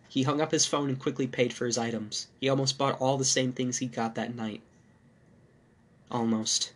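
A male podcast host narrating a first-person horror story in a measured, dark manner. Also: medium pitch, steady tone, breathy edge.

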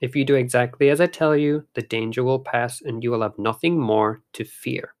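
Man reads as a grave older priest giving earnest instructions; steady, caring storybook voice. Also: mid-range voice, normal speed, lightly acted. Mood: solemn.

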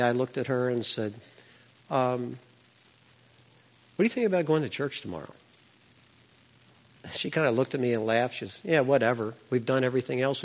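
An older man telling an earnest personal faith testimony, his voice climbing when he relives the moment. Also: mid-range voice.

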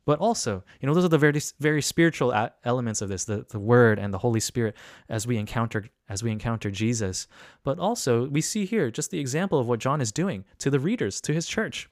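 A man's voice: medium pitch, expressive, fast talker, no room sound. Earnest male pastor preaching, dry sound. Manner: earnest, repetitive, rising emphasis on key questions. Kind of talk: online sermon.

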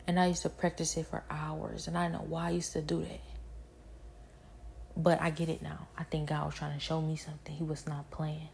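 A woman giving a spoken personal testimony, halting and repetitive, with many fillers. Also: low-pitched, vocal fry, mellow, slight background noise.

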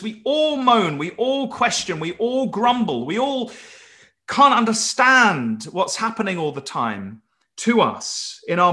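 A man's voice: on the high side, pushed and bright. A man preaching an earnest Bible-study sermon, emphatic and stumbling into restarts as he presses his points.

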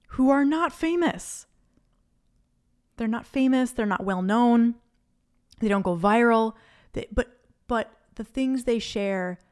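Slow, earnest woman podcast host. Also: medium pitch, smooth. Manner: earnest, faith-filled, rambling stream of consciousness. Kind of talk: unscripted solo podcast reflection. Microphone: studio microphone.

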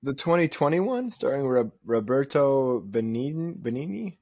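A man co-hosting a casual podcast, quick-witted and teasing. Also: medium pitch, sing-song, darkish tone. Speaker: podcast co-host. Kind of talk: casual chat.

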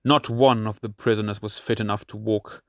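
A man narrating a fantasy audiobook in a steady, measured storytelling manner. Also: lowish voice, no echo, studio quality.

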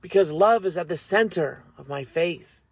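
A man hosting a faith podcast, reading scripture and speaking in an earnest, measured, reflective way. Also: sits high, slightly rough, no room sound. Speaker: podcast host.

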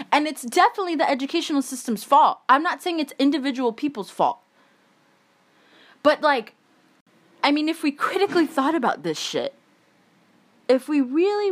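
A woman's voice: high-pitched, a bit bright. A young woman in a heated, emphatic monologue, swearing often as she rants. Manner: angry, swearing, emphatic ranting.

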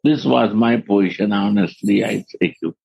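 A man giving a devotional discourse as a spiritual teacher, in halting non-native English and laughing often. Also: on the low side, creaky, a little mellow, husky, dry recording, rough recording.

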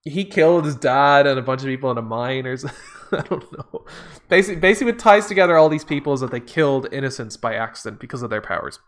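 A man's voice: medium pitch, lively intonation, fast. A man in casual chat, recapping a movie with sarcastic, profane jokes and frequent laughs. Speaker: podcast co-host.

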